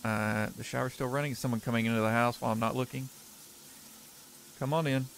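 A man's voice: medium pitch, steady tone, quick pace, vocal fry, slight background noise. A young man doing let's play commentary on a horror game, joking and sarcastic as he reads the game's text aloud. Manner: joking, sarcastic, laughs often. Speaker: gaming let's player. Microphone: desk microphone.

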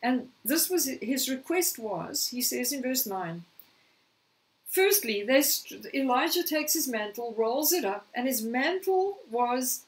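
A woman preaching a sermon, slightly hoarse, telling a scripture story and acting out the quoted lines. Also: high-pitched, distant mic, poor audio. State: slightly hoarse, clearing throat.

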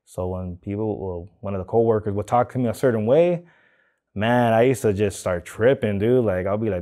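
Young la dude, kinda low and mellow, slangy, says like and man a lot. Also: fast. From Los Angeles. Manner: loose street slang, many "like" and "man" fillers. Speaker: tattoo artist, interviewee. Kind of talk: casual interview.

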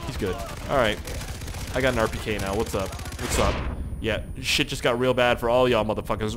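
A young man casually commenting on his gameplay with excitable, profane wisecracks. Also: medium pitch, a little fast, background noise. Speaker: gaming channel host. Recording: loud gunfire and game audio behind. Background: game gunfire and explosions.

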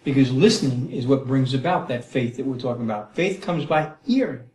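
A middle-aged man teaching the Bible in a conversational way, animated and acting out prayers, often checking in with "Okay?" and "Right?". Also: mid-range voice, brisk. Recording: roomy echo.

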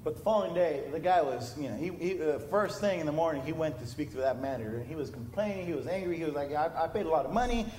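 High-voiced preacher in an echoey church. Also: male voice, expressive, quick pace, few pauses, darkish tone, slight background noise. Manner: storytelling, rising to impassioned emphasis. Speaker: pastor. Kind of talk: sermon. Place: church sanctuary.

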